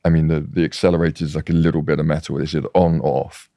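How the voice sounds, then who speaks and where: A man's voice: rumbling low, racing, no room sound. A man guest chatting casually, telling anecdotes with many restarts. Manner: animated storyteller, trailing restarts. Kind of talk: casual chat.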